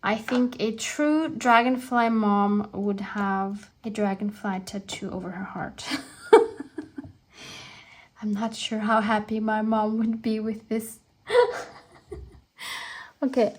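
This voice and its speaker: A woman hosting a crafting video, chatting casually and warmly as she works, laughing often and gushing over her projects. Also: fairly high pitch, fairly even intonation, slow. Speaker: crafting channel host. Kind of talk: casual craft tutorial chat.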